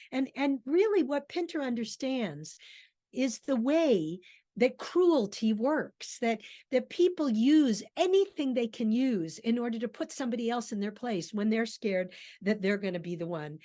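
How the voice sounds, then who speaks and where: A woman theatre director gives a conversational lecture on a play, full of fillers and restarts, breaking off to read lines aloud. Her voice is a little high and warm-toned, with lively intonation and a slightly slow pace.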